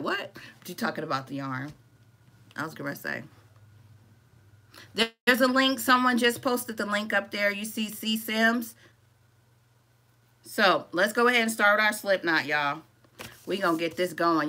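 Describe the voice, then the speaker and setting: A woman hosting a live crochet tutorial in a casual, chatty way, greeting viewers by name and reading out their comments as she works. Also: medium pitch. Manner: casual and relaxed, calls viewers "y'all". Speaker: crochet-along host. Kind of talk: live-stream craft tutorial.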